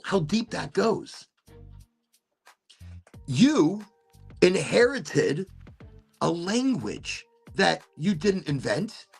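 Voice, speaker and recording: A man's voice: high voice, vocal fry, breathy edge. A man hosting a podcast, musing aloud in a rambling, casual monologue and swearing now and then. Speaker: podcast host.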